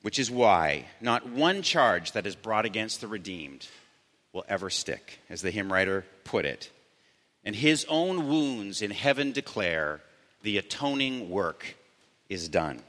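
Pastor type, man, earnest sermon delivery with slow emphatic stresses, bright voice, long church reverb. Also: fairly low pitch, big pitch swings.

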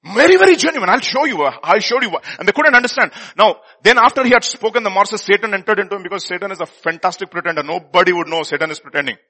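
A male preacher with a high, bright voice that has a husky edge. He delivers his sermon with animated swings from loud bursts down to hushed near-whispers, acting out the scripture as he reads. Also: fast talker, few pauses.

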